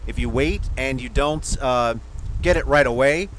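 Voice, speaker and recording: A man hosts a loose conversation in an average, even voice. He stumbles and repeats words as he talks. Clear background noise runs under him. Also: medium pitch, moderate pace. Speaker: host. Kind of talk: casual podcast banter.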